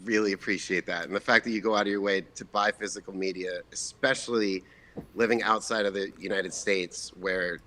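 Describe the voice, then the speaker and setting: A man's voice: low-pitched, fairly even intonation, fairly quick, pushed and bright, a little hiss or hum. A male filmmaker guest on a live show, answering earnestly and appreciatively. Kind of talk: interview answers.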